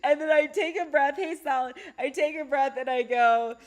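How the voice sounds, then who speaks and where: Woman, middle-aged, holistic doctor, casual livestream talk, chatty, animated, slightly high voice. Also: moderate pace. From United States. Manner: chatty, animated, frequent "right?" and laughter.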